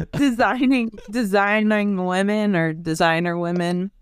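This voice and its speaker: A woman with a lowish, smooth, clear voice chats slowly on a podcast and laughs often. She takes her time over each thought. The sound is dry and close to the mic. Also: dry recording. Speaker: podcast co-host. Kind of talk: casual chat. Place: basement podcast room.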